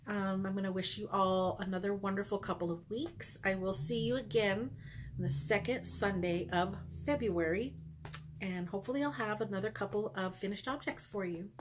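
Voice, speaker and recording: A woman's voice: mid-range voice, noisy background. A woman hosting her knitting podcast, chatting casually and upbeat from home with frequent ums and little laughs. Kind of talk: casual knitting vlog chat.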